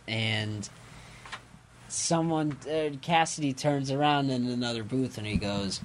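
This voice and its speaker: A man's voice: mid-range voice, unhurried, a little hiss or hum. A man co-hosting a podcast, casually recapping a comic with lots of fillers and self-corrections, acting out characters' lines. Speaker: podcast co-host.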